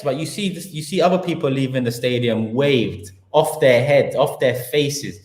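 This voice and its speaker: A man with a London accent hosts a live football talk stream, ranting in a slangy, heated way and stacking up his points. His voice sits at a middle pitch. The room around him is echoey. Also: normal speed, hardly any pauses.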